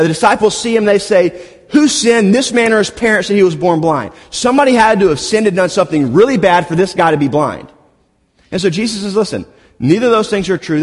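A man's voice: sits high, husky. A man preaching a sermon, retelling scenes with playful asides and humor. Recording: long hall reverb.

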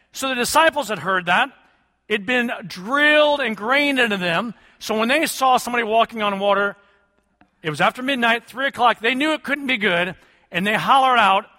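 Pastor guy preaching, high bright voice, keeps asking the crowd to holler back, long hall echo. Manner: preaching with call-and-response questions to the congregation. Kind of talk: sermon.

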